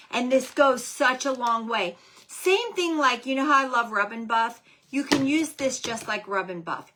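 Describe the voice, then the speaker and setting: A woman hosting a casual live craft demonstration, chatting excitedly and calling out viewers by name. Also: on the high side. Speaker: livestream host selling craft supplies and clothes.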